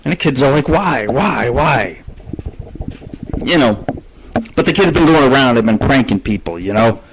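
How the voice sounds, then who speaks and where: A middle-aged man hosts his own radio show solo from home, at a middle pitch. He rambles from story to story and swears constantly. A faint hiss sits under the recording. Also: expressive, a little fast. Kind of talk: solo live radio monologue. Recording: faint background noise.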